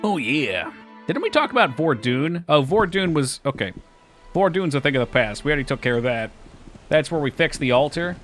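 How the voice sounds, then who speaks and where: A man streaming a game live, chatting casually and excitably, joking and swearing often. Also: on the high side, normal speed, faint music behind.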